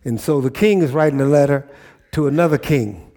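A man's voice: on the high side, brisk, warm tone. A pastor preaching a sermon, emphatic, repeating phrases and checking in with his listeners.

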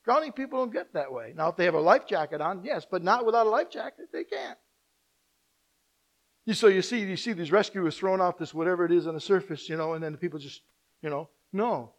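A male pastor preaching a sermon, swinging from loud emphatic lines to quiet asides. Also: sits high, expressive, brisk.

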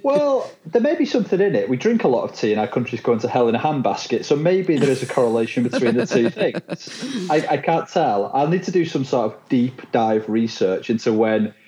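A man's voice: medium pitch, big pitch swings, fairly quick, dark tone. An English man with dry, self-mocking humor, a guest author chatting casually in a podcast interview. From England. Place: home, remote call.

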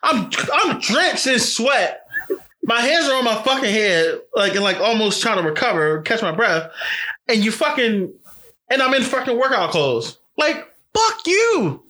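Heated, profane, high-voiced man. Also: moderate pace. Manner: angry, profane storytelling; animated, voice jumps up for quoted outbursts. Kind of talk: casual chat.

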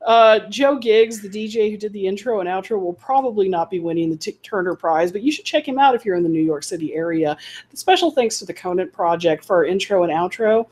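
A woman's voice: mid-range voice, brisk, darkish tone. A woman from Texas co-hosting a podcast, joking and rambling in casual chat. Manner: joking, rambling, self-deprecating. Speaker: podcast co-host.

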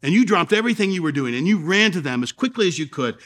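A male pastor delivers a sermon in a slightly higher than average voice. He speaks earnestly, drawing out key phrases with pauses and swinging between soft, low moments and louder emphasis. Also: big pitch swings. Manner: earnest preaching with dramatic pauses and shifts in volume.

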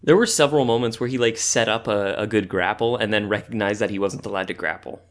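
A man's voice: lowish voice, fast talker. A man co-hosting a casual podcast chat, telling a long story with lots of fillers and laughter. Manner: rambling, animated storytelling with frequent fillers and laughs. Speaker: podcast co-host.

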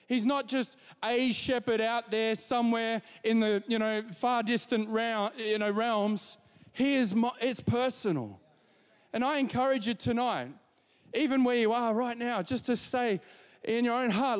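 A man's voice: very high voice, measured pace, smooth. Man preaching in a big hall. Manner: warm storytelling with repetitions and asides to the congregation. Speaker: pastor. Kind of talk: sermon.

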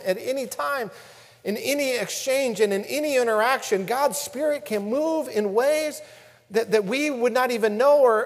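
A man preaching a sermon, dropping to hushed tones and rising to loud emphasis. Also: high-pitched, long reverb tail. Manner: preaching with dramatic swings between hushed and loud. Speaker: pastor.

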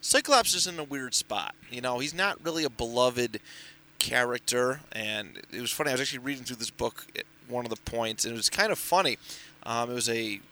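Bright-voiced man rambling about comics. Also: mid-range voice, expressive, brisk. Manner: rambling, filler-heavy recap with frequent restarts. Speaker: podcast co-host reviewing comics. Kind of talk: casual chat.

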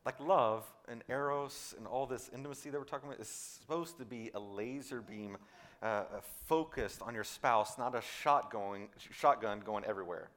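Delivering a sermon at a moderate pace, a male pastor swings from loud, emphatic declarations to quiet, low asides. Repeated words mark the points he stresses.

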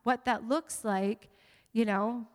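High-voiced woman pastor preaching. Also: slow, long reverb tail. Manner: animated, playful asides to the congregation. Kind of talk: sermon. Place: church sanctuary.

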